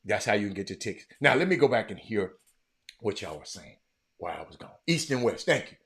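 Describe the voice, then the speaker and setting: A man's voice: lowish voice, very animated, a little fast, fairly bright tone, husky. A man hosting a casual live stream, rambling, repeating himself and reading viewer comments aloud.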